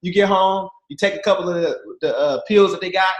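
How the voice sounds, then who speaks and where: A man in his thirties, with a high-pitched voice and a fairly quick pace, regales a team on a video call with lively, slangy, jokey anecdotes aimed straight at his listeners. The room he's in sounds echoey.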